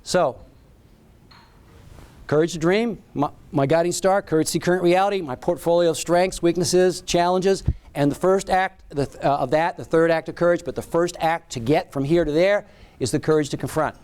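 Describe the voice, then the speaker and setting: A man's voice: fairly high pitch, normal speed, a little mellow, clean tone. A man giving a keynote speech, telling a story in short, dramatic phrases. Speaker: keynote speaker.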